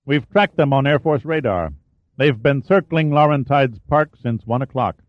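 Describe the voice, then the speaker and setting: A man reading an audiobook voices a brisk, dutiful male police commissioner, crisp and reassuring on the phone. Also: mid-range voice, animated, dry recording, pitched above the performer's own voice, lightly acted. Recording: dull, dry studio audiobook.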